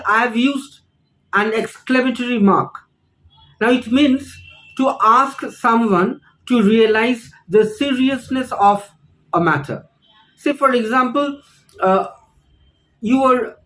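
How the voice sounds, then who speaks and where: A teacher, explaining phrases slowly and deliberately in an online lesson, repeating each example. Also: medium pitch, low-quality recording. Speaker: English teacher.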